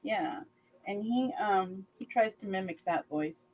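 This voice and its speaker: A woman in her fifties hosting a crafting channel, chatting casually and rambling with many pauses. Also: mid-range voice, a little mellow, lo-fi sound, a little hiss or hum. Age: 50s. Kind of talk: casual chat on a video call.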